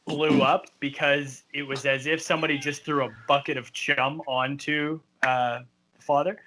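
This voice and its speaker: Male podcast co-host, bright tone, halting casual delivery, quick to laugh. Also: fairly high pitch, little pitch movement, a little hiss or hum, poor audio. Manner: laughs easily, halting with fillers. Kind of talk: casual movie review chat.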